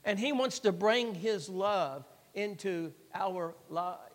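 A man's voice: high-pitched, animated, slow pace. A man preaching a sermon in an earnest, repetitive way, leaning hard on the key words. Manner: earnest, repetitive, rising to emphatic stresses. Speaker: pastor. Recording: long hall reverb.

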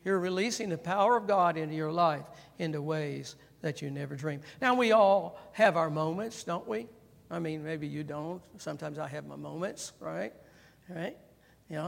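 A man's voice: fairly high pitch, moderate pace, gravelly, a little hiss or hum. Guy preaching, chatty sermon, keeps asking "right?", big reverby church sound. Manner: conversational preaching with constant "right?" tags; animated, calls for congregation response. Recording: long hall reverb.

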